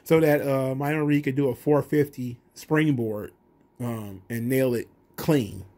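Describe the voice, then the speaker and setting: A man's voice: mid-range voice, measured pace, dark tone. A man hosting a wrestling review channel, recapping a show in a blunt, profane, rambling way.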